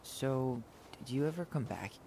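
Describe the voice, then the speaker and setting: An actor voicing an easygoing, curious young man in story game dialogue, relaxed and friendly. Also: mid-range voice, a little slow, gravelly, noisy background.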